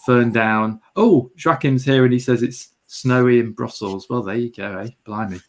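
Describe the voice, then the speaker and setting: A man's voice: mid-range voice, moderate pace. A British man hosting a photography livestream, chatting casually and greeting viewers with light humour. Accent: British English. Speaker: livestream host.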